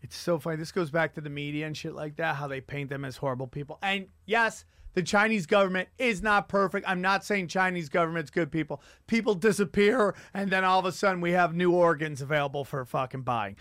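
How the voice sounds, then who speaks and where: Guy with a high voice, swearing a lot, rambling podcast stories, dry close mic. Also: a little fast, hardly any pauses, no echo. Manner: animated, profane, rambling storyteller. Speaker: podcast host and comedian. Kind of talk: crude casual chat.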